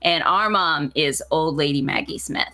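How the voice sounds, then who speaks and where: A woman's voice: low voice, moderate pace, pushed and bright. Giggly woman recapping a game. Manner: giggly, rambling, playful. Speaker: co-host of a gaming stream. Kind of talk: casual chat recapping a game.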